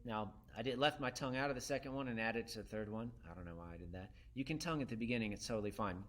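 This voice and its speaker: A man's voice: mid-range voice, very fast, fairly bright tone, faint music behind. A man teaching a saxophone lesson to beginners. He counts his students in and calls out whose turn it is. He sings short syllables to demonstrate each exercise. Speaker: music teacher.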